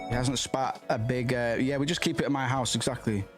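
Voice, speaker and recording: A man hosting a livestream in casual chat, rambling and excitable with lots of swearing, from his home streaming setup. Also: mid-range voice, fairly quick, over loud music. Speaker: livestream host.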